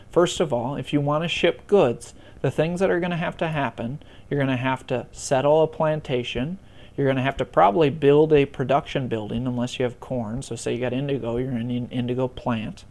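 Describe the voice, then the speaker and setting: A man with a mid-pitched voice talks through how a board game plays, turn by turn. His delivery is easygoing and chatty, like a friend explaining the rules at the table. He slips in some self-deprecating jokes. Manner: relaxed, conversational, self-deprecating humor. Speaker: board game tutorial presenter.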